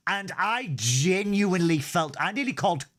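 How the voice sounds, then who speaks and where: A man's voice: sits high, animated, normal speed, a bit bright. A man co-hosting a casual review show. He sounds exasperated and theatrical, and swears freely. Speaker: podcast co-host.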